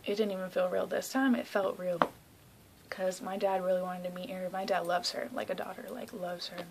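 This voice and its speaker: Brief: young woman from South Carolina, excitable vlogger, filler-heavy, mid-pitched voice with breathy hushed asides. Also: slight background noise, rough recording. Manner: excitable, gushing, heavy use of "like". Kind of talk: casual storytelling vlog.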